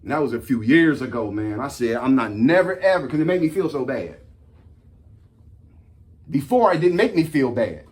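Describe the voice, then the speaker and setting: A man hosting a casual talk, reading points from a list and breaking off into animated, slangy stories told straight to his audience. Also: mid-range voice, moderate pace, long pauses. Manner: animated storytelling, slangy, addresses audience as y'all. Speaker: host.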